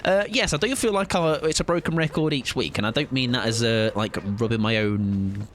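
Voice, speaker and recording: A man's voice: medium pitch, fairly quick, fairly bright tone, slight background noise. A tired young man rambling playfully and mocking himself while he comments on a game he is playing live. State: tired, sleep-deprived. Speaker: streamer.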